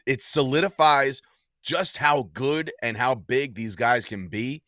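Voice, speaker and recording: A man's voice: mid-range voice, measured pace, pushed and bright, dry recording, studio quality. A man co-hosting a wrestling podcast in casual chat, opinionated and blunt, swearing freely. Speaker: podcast co-host.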